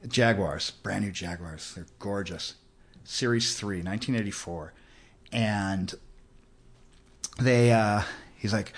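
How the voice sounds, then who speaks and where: A man's voice: lowish voice, slow pace, long pauses. A man in his sixties from Los Angeles, a podcast guest telling stories casually, acting out the voices of people in his anecdotes. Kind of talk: casual storytelling. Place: host's house.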